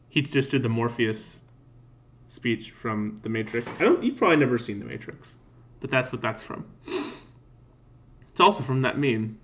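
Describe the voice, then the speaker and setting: A man's voice: medium pitch, brisk, a bit bright, muffled recording. Wry man reading a game aloud. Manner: wry, self-mocking asides. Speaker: let's player. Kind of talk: reading game text with joking commentary.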